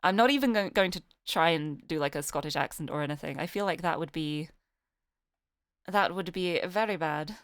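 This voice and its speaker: A woman's voice: low voice, normal speed, clean tone, dry recording, studio quality. Chatty British woman streamer. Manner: chatty, giggly, greets chat. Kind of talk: casual game streaming, reading a visual novel aloud.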